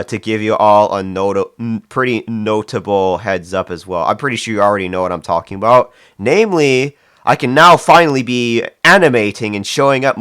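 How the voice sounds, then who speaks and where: Male streamer, low voice, dry close sound, chatty and rambling, talks to chat while working. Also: fairly bright tone, clean tone, no echo. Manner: rambling, reads chat aloud, frequent fillers and restarts. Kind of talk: casual live-stream chat.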